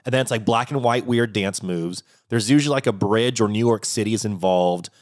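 A man co-hosting a podcast in a casual chat, animated, laughing often and swearing freely. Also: lowish voice, fairly quick. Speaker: podcast co-host.

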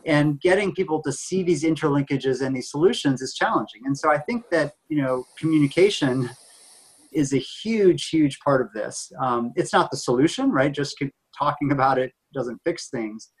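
Male guest expert, slightly high voice, measured explainer. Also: slightly rough, low-quality recording. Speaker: guest, public health expert. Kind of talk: conversational interview.

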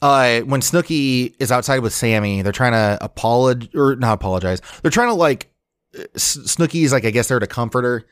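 A man's voice: medium pitch, moderate pace, smooth, dry recording. Male podcast co-host, casual and rambling, dry close mic. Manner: rambling, full of "like" and restarts. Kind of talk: casual chat.

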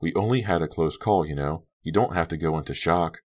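A pouty, fretful teenage girl from an audiobook, read by a man. She talks in a light, worried way over a very deep voice. It is a plain storybook reading. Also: fairly quick. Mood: pleading.

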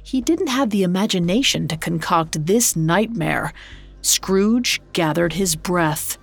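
Slow measured woman narrating a story. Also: fairly low pitch, lively intonation, gravelly. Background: faint music.

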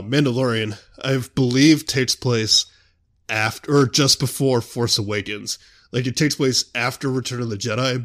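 With a fairly low yet somewhat bright-toned voice, this young show host chats on his own in a loose, rambling way, peppering everything with "you know."

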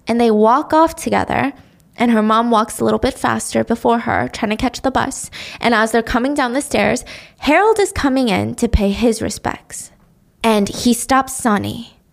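A chatty woman telling a drama's story in a casual, offhand way, dropping in swear words. Her voice sits a bit high. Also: normal speed, creaky.

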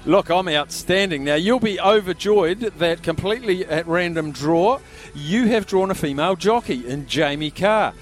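An Australian man with a fairly high voice hosts a live radio call-in, reading out horses for callers. He raises his voice to be heard from a pub, and faint music runs behind him. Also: animated, moderate pace. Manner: raised voice, talking over pub noise. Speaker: radio host.

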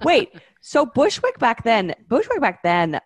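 A woman co-hosting a podcast who jokes and banters, her voice bouncing up and down. It sits a touch high and sounds dry and close to the mic. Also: wildly swooping pitch, no room sound. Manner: quick, laughing banter. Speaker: podcast co-host. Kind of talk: casual chat.

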